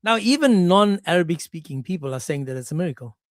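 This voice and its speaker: An animated male streamer talking to his chat in a sarcastic, joking way. His voice sits fairly high for a man. The sound is dry and close. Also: fast, no echo. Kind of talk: casual livestream commentary.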